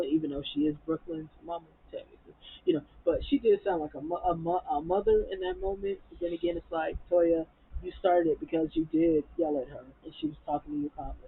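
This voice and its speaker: A man's voice: a little high, husky, narrow, tinny audio. A man recapping and reviewing a reality TV episode, blunt, profane and heated as he rants about the cast.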